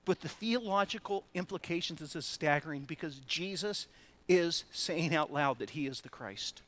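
Man, pastor, sermon, high voice, bright tone, animated, laughs between phrases. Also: moderate pace.

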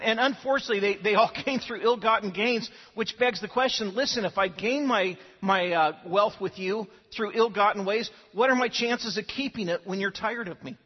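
In a church sanctuary, a male pastor delivers an earnest sermon in a high, husky voice, frequently repeating words as he begins phrases. The lo-fi, dull recording carries a long reverb through the hall.

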